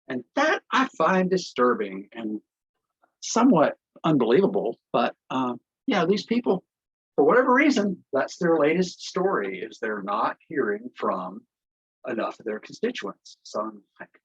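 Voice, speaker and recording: A man's voice: on the high side, very animated, a little slow, breathy edge. Impassioned man on a muffled headset. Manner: impassioned, sarcastic, rambling. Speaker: election integrity activist host. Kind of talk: casual livestream briefing. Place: office.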